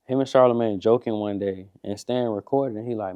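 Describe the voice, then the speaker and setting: A man's voice: lowish voice, a little fast, lo-fi sound. A young man chatting casually on a podcast, telling stories with lots of swearing and acting out what others said. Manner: animated storyteller, acts out quoted dialogue, swears freely. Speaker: entrepreneur guest.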